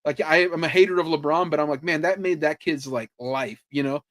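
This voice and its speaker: A man on a podcast telling sports stories in a casual, animated way, swearing freely and saying "like" a lot. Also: a little high, brisk. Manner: animated storytelling, swears freely, lots of "like" fillers. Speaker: podcast host. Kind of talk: casual chat.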